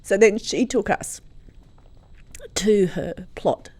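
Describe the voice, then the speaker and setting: A woman speaks slowly in a medium-pitched voice, with no echo, as she tells a podcast host a story about her family. Born in Croatia, she grew up speaking Croatian. The tone is a relaxed storytelling interview, and she is an emotional, spirited narrator who laughs often.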